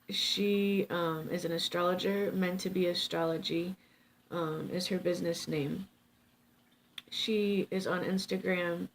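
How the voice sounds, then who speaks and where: A woman's voice: on the low side, gravelly, a little hiss or hum. A woman tarot reader chatting casually to her viewers, rambling with lots of fillers and swearing lightly, tired without her coffee. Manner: rambling and chatty, many fillers and self-interrupting laughs. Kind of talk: casual chat to camera.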